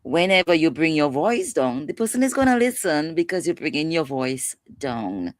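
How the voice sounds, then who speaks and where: A woman's voice: deep voice, big pitch swings, normal speed, no room sound. A woman guest in an interview, explaining advice in an emphatic, passionate way. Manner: passionate, emphatic, acts out quotes. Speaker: guest expert on mental health. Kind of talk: instructive interview talk.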